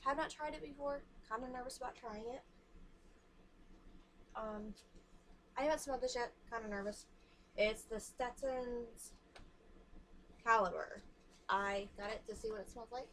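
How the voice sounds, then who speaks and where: A woman's voice: a little high, moderate pace, long pauses, a bit bright, a little hiss or hum. A young woman vlogger chatting frankly and casually while showing free samples to the camera. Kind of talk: casual chat.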